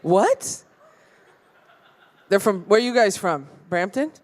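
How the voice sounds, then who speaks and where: A woman's voice: medium pitch, lively intonation, takes it slowly. A brash young woman from the Toronto area working a live stand-up crowd. She rambles through crude stories, swears freely and tosses "right?" at the audience after almost every line. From Toronto area, Canada. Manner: brash, profane, rambling storytelling with frequent "right?". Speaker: stand-up comedian. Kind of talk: stand-up comedy set. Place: live comedy venue with audience.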